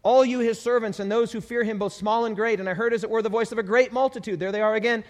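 A man preaching a sermon as a pastor, enthusiastic, breaking into shouted hallelujahs. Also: high voice, steady tone, fast. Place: church hall. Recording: long hall reverb.

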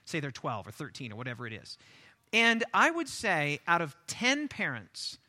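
This pastor's sharp, highish voice swings hugely in pitch as he preaches, repeating key phrases for emphasis. When speaking off the cuff, he stumbles through quick restarts.

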